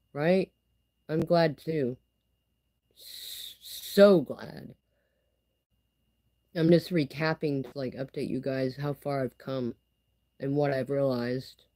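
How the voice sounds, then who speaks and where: A woman's voice: low-pitched, warm tone, poor audio. A woman talking candidly in a casual personal vlog, rambling and filling her speech with "you know" and "like.". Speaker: vlogger.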